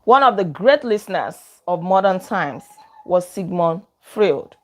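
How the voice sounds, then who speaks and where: A woman's voice: lowish voice, animated, unhurried, a little mellow. Woman host, chatty storyteller, casual and full of asides. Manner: chatty, retells stories in her own words with many asides. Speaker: book review host.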